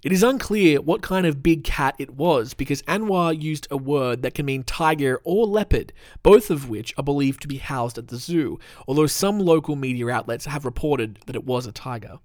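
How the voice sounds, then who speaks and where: This is a man hosting a casual podcast, swinging between rambling chat full of ums and plain reading of news. His voice sits somewhat high for a man. The sound is dry and close, recorded in a room at home. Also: lively intonation, normal speed, few pauses, no room sound. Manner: rambling, sweary, self-deprecating, with many ums. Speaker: podcast host. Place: room at home with the window open.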